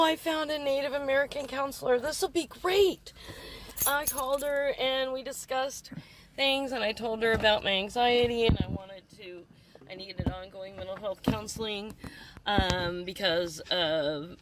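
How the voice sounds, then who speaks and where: A woman caller ranting agitatedly about a bad appointment, talking fast when upset and complaining. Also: mid-range voice, sharp tone. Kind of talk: rambling personal rant.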